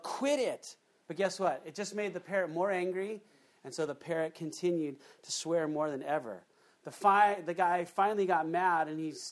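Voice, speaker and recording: A man preaching a sermon, telling a joke story with frequent asides to the congregation. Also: high-pitched. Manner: animated storytelling with asides to the audience. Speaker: pastor.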